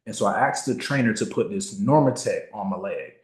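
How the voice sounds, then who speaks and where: A man's voice: on the low side, lively intonation. Emphatic motivational speaker man, roomy echo. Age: 30s. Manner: emphatic, slows down to stress key words. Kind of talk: motivational talk with personal story.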